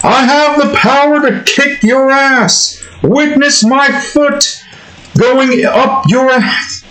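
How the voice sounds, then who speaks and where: A grumpy middle-aged cartoon dad, blustering and threatening in a gruff, raised voice, as a man puts him on. He sits above the performer's normal pitch and sounds a bit hurried. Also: bright, forceful tone, echoey room, heavily acted, low-quality recording.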